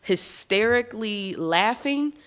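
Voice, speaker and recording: A woman's voice: medium pitch, slow. A woman hosting a podcast, telling her own story candidly, speaking straight to her listeners and swearing casually. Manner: frank and expressive, addresses listeners as y'all. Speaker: podcast host. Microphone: podcast microphone.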